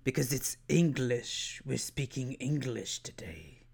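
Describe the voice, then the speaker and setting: Guy putting on a creepy old evil emperor voice, dragged out super slow and low, sinister. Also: big pitch swings, vocal fry, a little mellow, breathy edge, full character voice. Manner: slow, menacing drawl.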